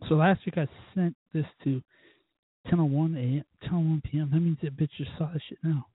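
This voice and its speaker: A man hosting his own show, telling rambling, profane stories in a casual drunken way, with sudden loud bursts. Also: on the high side, steady tone, brisk, slightly rough, dry recording, phone-quality sound. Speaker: podcast host.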